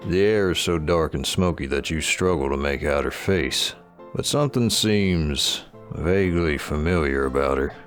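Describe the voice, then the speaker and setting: An actor voicing the game narrator, reading second-person narration in a measured, even manner. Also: male voice, a bass voice, soft background music.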